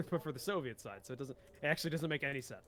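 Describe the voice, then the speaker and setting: A man's voice: mid-range voice, lively intonation, racing, a bit bright, slight background noise. A man in casual gaming chat as a guest player, chatty and hesitant, with many fillers and easy laughs.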